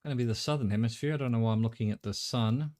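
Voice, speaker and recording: A man's voice: medium pitch, very fast, darkish tone. A middle-aged Australian man streaming a game, thinking aloud in a rambling way and swearing casually. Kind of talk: live gameplay commentary.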